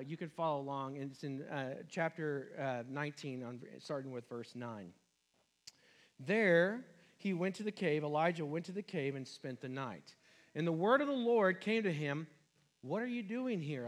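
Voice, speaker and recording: A pastor preaches in a relaxed, conversational way, retelling scripture in everyday words. His voice sits a bit higher than most men's. He often turns to the listeners with questions and acts out the quoted speech, dropping low and rising high. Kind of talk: sermon.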